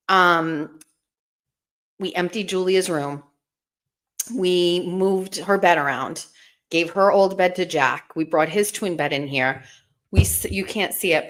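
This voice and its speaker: A woman's voice: lowish voice, fairly bright tone. A woman hosting a casual livestream, chatting playfully with viewers from a bare bedroom at home into a desk microphone. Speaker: livestream host.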